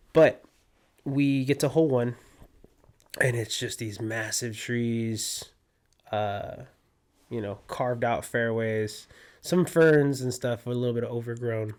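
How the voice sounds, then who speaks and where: A young man from California, a guest on a podcast, telling a story in a casual, animated way and acting out his own quotes. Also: medium pitch, a little slow. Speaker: podcast guest, disc golfer.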